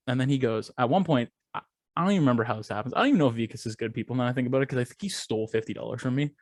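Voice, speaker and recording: Animated, swearing young man telling a story. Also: medium pitch, very fast, no echo. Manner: animated, profane, acts out quoted voices. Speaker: podcast co-host. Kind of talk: casual storytelling chat.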